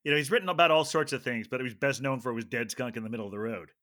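A man's voice: mid-range voice, racing, bright, forceful tone. A man co-hosting a casual podcast chat, adding dry, wry remarks. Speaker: podcast co-host.

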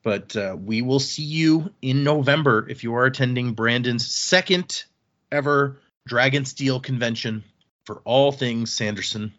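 An easygoing man co-hosting a book podcast, chatting loosely and letting his sentences wander off. His voice sits at an ordinary middle pitch. The audio is a bit muffled and lo-fi. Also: a little slow, fairly bright tone. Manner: easygoing, rambling, trails off mid-sentence. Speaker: podcast co-host. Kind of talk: casual chat.

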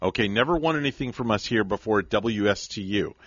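A man's voice: on the low side, expressive, dry recording. A man hosting a morning radio show, talking casually and laughing easily with callers. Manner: upbeat, quick to laugh. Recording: muffled broadcast audio.

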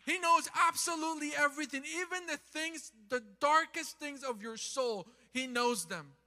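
A man preaching a sermon in a church, impassioned, swinging from loud calls to quiet talk. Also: very high voice, moderate pace, big-room sound. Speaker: pastor. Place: church sanctuary.

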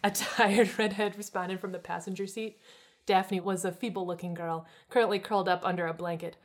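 A woman's voice: medium pitch, fairly even intonation, brisk. A woman casually chatting and reading fan fiction aloud, breaking into laughs as she reads. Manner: laughs often while reading.

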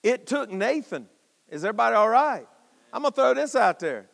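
High-pitched gravelly preacher. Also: male voice, very animated, brisk, a bit bright, long reverb tail. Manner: impassioned, folksy, calls out to congregation. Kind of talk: sermon. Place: church sanctuary.

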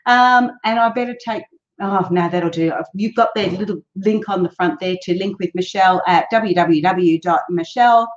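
Chatty woman podcast host, lo-fi. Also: fairly high pitch. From Australia. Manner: chatty, repeats and restarts words. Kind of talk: casual interview chat. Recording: dull lo-fi sound.

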